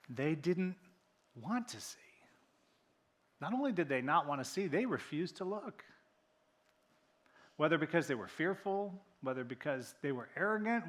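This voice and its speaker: A man preaching a sermon in a church, animated, acting out quoted voices and dropping to near-whispers for emphasis. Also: on the high side. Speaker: pastor. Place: church sanctuary.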